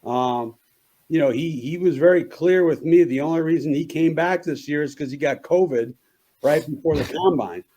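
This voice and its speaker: A man with a hoarse morning voice, guesting on a sports talk radio show and giving opinionated takes with frequent restarts. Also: on the high side, moderate pace, dark tone.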